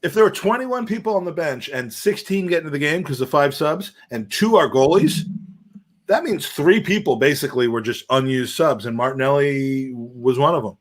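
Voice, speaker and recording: A man's voice: fairly high pitch, expressive, moderate pace. A man co-hosting a casual football chat, rambling and thinking aloud with restarts.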